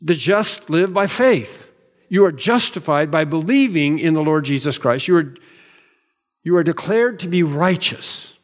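A pastor preaching a sermon with measured, emphatic delivery and slow deliberate stresses. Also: male voice, a little high. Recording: long hall reverb.

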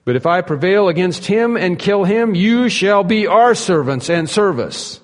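A man voicing a giant warrior who shouts a defiant challenge in a loud, raised voice, in a reverberant hall. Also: mid-range voice, expressive, a little slow. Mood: bellowing defiance.

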